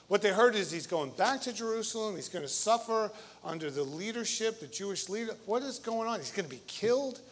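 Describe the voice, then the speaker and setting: High-voiced man preaching a lively sermon. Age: middle-aged. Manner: animated storytelling, rises to loud emphasis and drops to near murmur. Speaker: priest.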